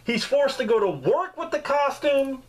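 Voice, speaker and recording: A man giving a casual, joking movie review, with swearing and lively storytelling. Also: very high-pitched, moderate pace, poor audio. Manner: profane, joking, animated storytelling.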